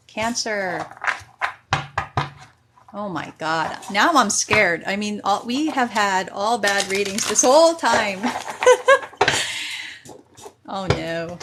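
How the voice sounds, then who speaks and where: A woman talks slowly and chattily as she reads tarot cards on a livestream, laughing often and making fun of herself. Her voice sits at an ordinary middle pitch. Loud clattering noise runs behind her the whole time. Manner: chatty, giggly, self-deprecating. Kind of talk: casual livestream chat.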